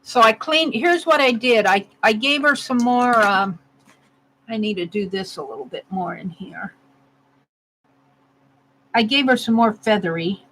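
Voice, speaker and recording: A woman's voice: on the high side, a little slow, long pauses, fairly bright tone, slight background noise, poor audio. A woman narrating casually as she carves a stamp, thinking aloud and laughing at herself. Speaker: art vlogger. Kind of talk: casual narration while crafting.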